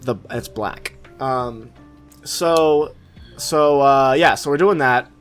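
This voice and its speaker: A man's voice: medium pitch, slow, faint music behind. Young man swearing through a rambling story. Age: young adult. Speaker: podcast co-host. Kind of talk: casual chat.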